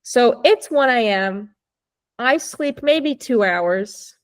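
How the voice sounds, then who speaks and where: A woman's voice: fairly high pitch, expressive, takes it slowly. A young woman telling a personal story as a podcast guest, chatty and full of "like", swearing freely. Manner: acts out quoted dialogue. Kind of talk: casual storytelling.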